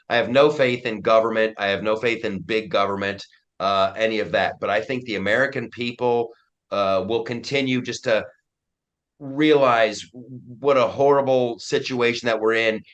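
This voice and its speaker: A middle-aged man talks as a guest in a relaxed interview, his delivery emphatic and full of restarts. His voice sits at an ordinary pitch for a man. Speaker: guest comedian and commentator. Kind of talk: casual interview chat.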